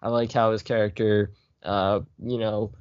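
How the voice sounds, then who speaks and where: A man's voice: on the low side, level tone, a little slow, smooth, no echo, muffled recording. A man co-hosting a casual movie podcast, joking and swearing as he rambles about the cast. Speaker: podcast co-host.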